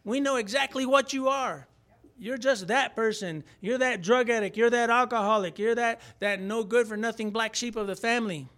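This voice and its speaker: A man's voice: extremely high pitch, normal speed, fairly bright tone. A man voicing a scornful family member who speaks in a mocking, dismissive way.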